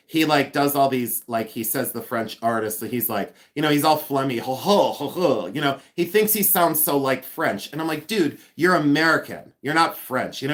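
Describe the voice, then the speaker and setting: Man, live-stream host, casual chat, rambling, sarcastic jokes, frequent laughs, mid pitch. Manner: chatty, rambling, laughs often; sarcastic humor.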